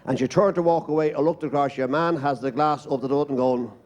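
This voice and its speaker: A man's voice: fairly high pitch, steady tone, fast talker, darkish tone. A man with an Irish accent telling a joke on a live comedy stage, voicing a stewardess and a nervous passenger. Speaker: stand-up comedian.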